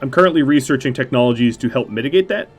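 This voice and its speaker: A man gives live let's-play commentary on a headset mic, thinking aloud as he makes his choices. His voice sits at an ordinary middle pitch for a man. He cracks dry, self-mocking jokes between his decisions. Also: animated, quick pace, breathy edge, faint music behind. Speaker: game streamer.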